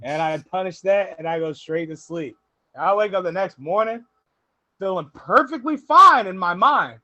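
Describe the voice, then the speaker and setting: Animated young man telling stories. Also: sits high, moderate pace, no room sound, muffled recording. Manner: animated storyteller, laughs often, quotes people. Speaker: podcast host. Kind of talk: casual podcast storytelling.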